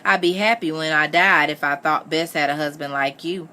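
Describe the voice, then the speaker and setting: A woman's voice: normal speed, pushed and bright. A woman voicing an insistent, matchmaking older mother in a read-aloud story. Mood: coaxing. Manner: insistent, raised high voice.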